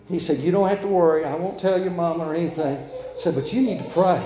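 Earnest preacher in echoey church. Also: male voice, a little high, fast talker. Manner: earnest, swings from loud urging to quiet pleading. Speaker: pastor. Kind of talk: sermon. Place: church sanctuary.

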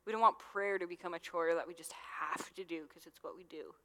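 A young woman gives a relaxed, chatty sermon, talking to a youth group like friends. Her voice sits on the low side, and a long hall reverb trails after her words. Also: brisk. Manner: chatty, conversational, with many fillers. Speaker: youth minister. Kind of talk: casual sermon.

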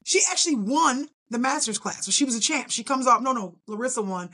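With a somewhat high voice and a slightly fast delivery, a middle-aged woman tells her story as a guest on a podcast. She's a bodybuilder, and her telling is casual and animated, complete with reenactments of her own reactions.

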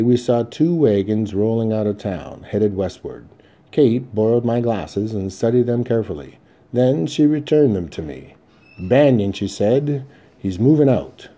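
A man reading a first-person Western audiobook in a measured, steady storytelling manner. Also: mid-range voice. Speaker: audiobook narrator.

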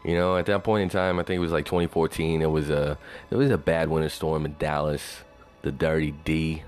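Very deep voiced guy rambling on, swears a ton, says you know constantly, faint music under it. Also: little pitch movement, brisk, darkish tone. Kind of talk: casual monologue.

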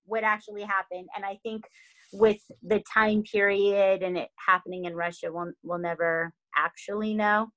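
A middle-aged woman co-hosting a podcast, telling a story in animated casual chat. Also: mid-range voice, moderate pace. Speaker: podcast co-host.

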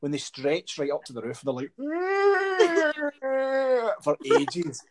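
A man in his forties, chatting casually and ranting in an animated, sweary way with bursts of laughter. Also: medium pitch, a little fast, very noisy. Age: 40s. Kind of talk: casual chat.

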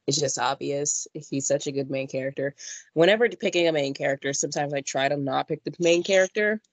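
A woman in casual conversation, animated, slipping into playful voices when she quotes someone. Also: deep voice, a little fast, no room sound, rough recording. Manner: animated, jumps into mock voices when quoting. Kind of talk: casual chat.

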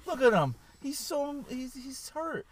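Young man, podcast host, lively swinging pitch, teasing banter, recorded inside a car. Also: measured pace. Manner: teasing, laughs a lot, rambling with restarts. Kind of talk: casual banter in a parked car.

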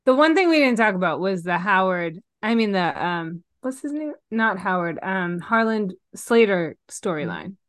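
A woman's voice: medium pitch, lively intonation, moderate pace, hardly any pauses, a bit bright, no room sound. A middle-aged woman co-hosting a podcast, chatting animatedly about a film and often trailing off and restarting. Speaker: podcast co-host. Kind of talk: casual chat reviewing a film.

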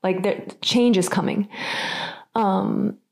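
A woman's voice: medium pitch, steady tone, slow, vocal fry, a little mellow. A woman from Nordic Europe co-hosting a casual chat, rambling with many fillers and frequent laughter. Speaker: podcast co-host.

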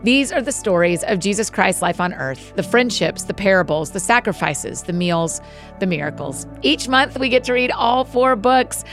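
Woman with a slightly gravelly voice. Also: medium pitch, moderate pace, soft background music. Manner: friendly, encouraging intro then steady reading. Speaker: podcast host reading scripture. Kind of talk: scripture reading.

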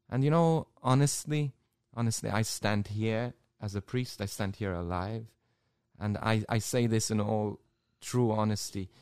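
Priest with a low voice. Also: male voice, darkish tone, no echo, clean studio sound. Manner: emotional, halting storytelling with repeated words. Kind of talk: personal testimony in an interview.

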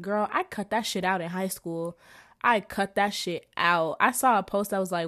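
A young woman, a college student reading through her notes in an animated, profane, exasperated rant. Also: medium pitch, moderate pace. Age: young adult.

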